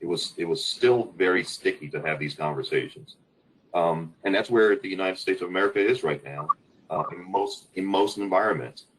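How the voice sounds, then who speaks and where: Man, very deep low voice, fire service leader, webinar panel, halting, searching for words. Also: a bit bright, slight background noise, rough recording.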